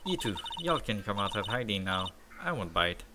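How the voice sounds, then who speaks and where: A man voicing a feisty, loud country woman photographer, reading game dialogue aloud with folksy slang. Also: fairly low pitch, very animated, moderate pace, heavy background noise. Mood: friendly. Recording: loud game music behind.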